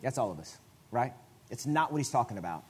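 A man preaching a sermon in a conversational way, often restarting his phrases and breaking into sudden loud bursts. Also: medium pitch, sing-song, a little fast, slightly rough. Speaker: guest preacher.

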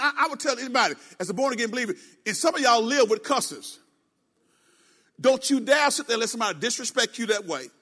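A man's voice: high voice, pushed and bright. A middle-aged man preaching a sermon as pastor, emphatic and conversational, with asides to the congregation. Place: church sanctuary. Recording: long hall reverb.

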